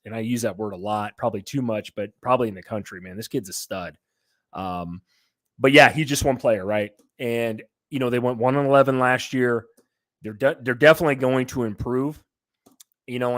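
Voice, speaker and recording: A man hosting a casual sports podcast on a headset, excitable and loud, swearing freely. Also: mid-range voice. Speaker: podcast host.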